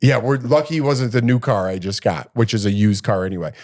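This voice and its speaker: Animated middle-aged man telling a story. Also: mid-range voice, a little fast. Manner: animated, acts out quotes in a raised voice. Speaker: podcast co-host. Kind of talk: casual storytelling chat.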